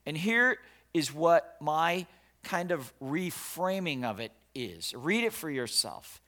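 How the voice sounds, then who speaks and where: Guy preaching a sermon, voice swings all over, kinda high, dramatic storytelling, keeps repeating himself for effect. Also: big pitch swings, takes it slowly, fairly bright tone. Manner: dramatic, emphatic storytelling with restarts and repetition. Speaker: pastor.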